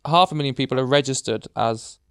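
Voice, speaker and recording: A man's voice: medium pitch, fast talker, fairly bright tone, clear, resonant tone, no echo, clean studio sound. A man co-hosting a casual chat podcast, telling rambling, self-mocking stories. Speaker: podcast co-host.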